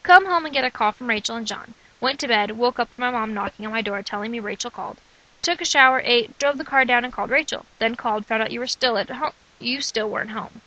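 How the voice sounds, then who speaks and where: A woman in her twenties reading her old diary letters aloud in short, steady clipped phrases. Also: on the high side, fast, rough recording. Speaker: vlogger.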